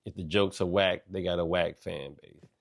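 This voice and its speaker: A middle-aged man hosting a podcast, delivering a loose, animated monologue full of slang and swearing. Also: low voice, normal speed, vocal fry. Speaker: podcast host. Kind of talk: casual monologue.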